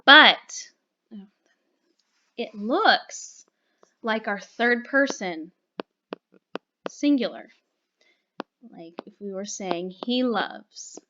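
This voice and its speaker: A woman's voice: fairly high pitch, lively intonation, very slow, long pauses, bright, forceful tone, muffled recording. A woman teaching a recorded grammar lesson, explaining patiently and checking in with "okay?" and "right?".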